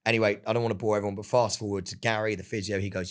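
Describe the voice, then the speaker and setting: A young man, chatting casually as a podcast guest, telling an animated story and calling everyone "mate". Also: on the low side, racing, hardly any pauses. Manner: animated storytelling, swears, says "mate" a lot. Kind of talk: casual chat. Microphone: studio microphone.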